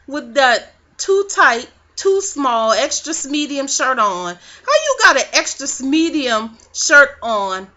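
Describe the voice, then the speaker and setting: A woman with a fairly high, bright and forceful voice recaps a reality show in casual, profane gossip. Her sass runs through every line. The recording is dull and lo-fi, like a home webcam. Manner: sassy, profane, animated gossip. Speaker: vlogger.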